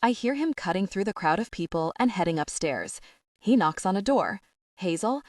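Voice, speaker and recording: A woman narrating a first-person audiobook in an expressive, wry storytelling voice. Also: fairly low pitch, brisk, no room sound, studio quality, recorded from a distance.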